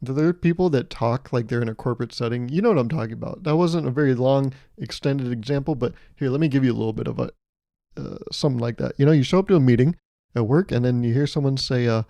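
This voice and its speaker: A man's voice: medium pitch, fast, mellow, dry recording, muffled recording. A man hosting a podcast, rambling through a playful comedic monologue full of self-amused asides. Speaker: podcast host.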